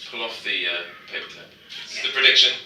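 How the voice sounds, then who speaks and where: A man's voice: mid-range voice, quick pace, pushed and bright, recorded from a distance. A man performing a mind-reading trick as a magician, with joking, teasing patter. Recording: roomy, from off the mic.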